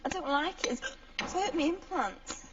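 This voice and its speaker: High-voiced woman, short complaints. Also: expressive, normal speed, crowd noise. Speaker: reality show housemate. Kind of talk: casual chat. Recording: distant, muffled.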